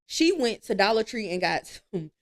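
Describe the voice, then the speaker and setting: A woman, telling stories with lively energy and easy laughs as a guest in a casual interview. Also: medium pitch, normal speed. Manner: lively storytelling, laughs easily.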